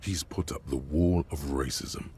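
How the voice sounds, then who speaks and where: A man putting on a deep, deadpan narrating voice for the game's inner voice. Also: measured pace, husky, exaggerated voice.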